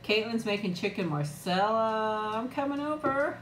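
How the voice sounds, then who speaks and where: A woman's voice: a little high, expressive, normal speed, roomy sound, a little hiss or hum. A middle-aged woman chatting casually on a live eating stream, greeting viewers by name and laughing often. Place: room at home. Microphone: new external mic, close.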